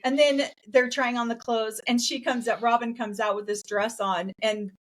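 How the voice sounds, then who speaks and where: A woman's voice: on the high side, fairly even intonation, normal speed. A woman co-hosting a podcast, chatting casually and acting out quotes in other voices as she recaps a TV show. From raised in a polygamist group in the US West. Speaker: podcast co-host. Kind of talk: casual reaction chat.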